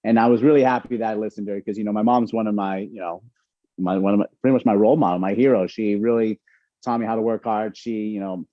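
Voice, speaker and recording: A man, an incoming resident physician, telling stories in a casual, animated way with lots of fillers. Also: on the low side, fast talker, no echo, muffled recording. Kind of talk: casual storytelling talk.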